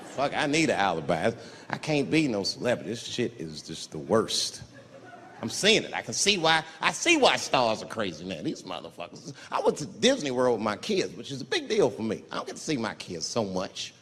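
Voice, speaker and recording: A man performing a stand-up comedy set, telling stories and shouting out the voices of other people. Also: on the low side, normal speed, slight background noise. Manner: animated storytelling, shouting impressions of others. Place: large live venue with audience. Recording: reverberant live hall recording with crowd laughter. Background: audience laughter.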